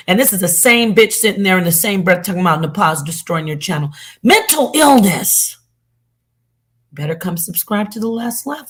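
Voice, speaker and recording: A woman's voice: on the low side, a bit bright, breathy edge. A woman hosting a reaction channel, ranting angrily and cursing at her viewers. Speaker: channel host. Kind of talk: heated reaction commentary.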